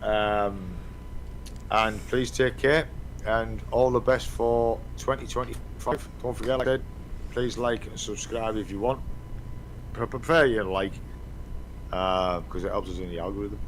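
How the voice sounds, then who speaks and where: A man's voice: lowish voice, unhurried, a little hiss or hum, rough recording. A middle-aged man, hosting a casual podcast chat, rambling and swearing freely. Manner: rambling, swears often, trails off. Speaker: podcast host.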